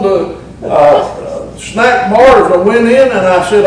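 A Southern Appalachian pastor in middle age preaches a good-humored, folksy sermon, stretching out words for effect. He speaks in a high-pitched voice and takes it slowly. The distant mic captures the church sanctuary's echo along with a little hiss or hum.

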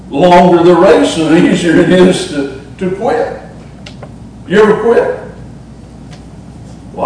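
A middle-aged man with a Southern Appalachian accent is preaching as pastor, folksy and funny, elongating words to make his points. His voice is high with a darkish tone. The church sanctuary echoes, the mic is distant, and there's slight background noise.

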